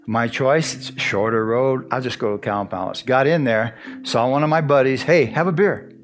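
A man's voice: mid-range voice, moderate pace, faint music behind. A man in his sixties from Arizona giving a folksy church testimony, chuckling often and restarting his words as he tells the story.

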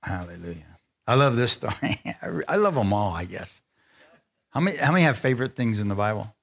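A man preaching a sermon to a congregation, lively, laughing often and asking for amens as he retells scripture stories. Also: brisk. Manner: animated, asks the congregation for amens; laughs often, acts out quotes in a higher voice. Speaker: pastor.

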